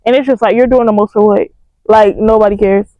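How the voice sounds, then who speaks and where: A young woman, telling a storytime to her viewers in an animated, slangy way. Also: mid-range voice, brisk, dry recording. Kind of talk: casual storytime vlog. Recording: dry, slightly dull mic sound.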